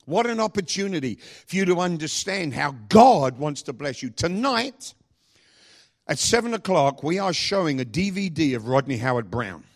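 A man pastor preaching a sermon, asking the congregation repeated questions and speaking with lively emphasis. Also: a little high, moderate pace, vocal fry.

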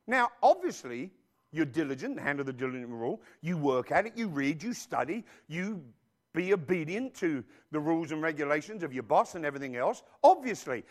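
A man delivers a sermon in a high voice that leaps up and down. He is emphatic and animated, pressing his congregation with questions. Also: fairly quick. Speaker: preacher.

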